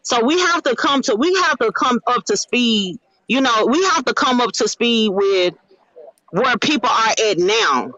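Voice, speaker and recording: A woman's voice: on the high side, lively intonation, a little slow, bright, forceful tone, no room sound. Hesitant woman talking through her ideas. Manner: thoughtful, hesitant, many restarts and fillers. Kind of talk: casual discussion. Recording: dry, dull lo-fi sound.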